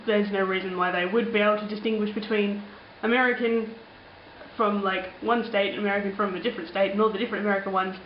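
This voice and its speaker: A young Australian woman vlogs from home, chatting loosely and playfully and filling her pauses with ums. Her voice sits in a middling register and carries a roomy echo. The recording is a little dull and muffled. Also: mid-range voice, fairly even intonation, slight background noise. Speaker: vlogger. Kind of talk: casual chat answering viewer comments.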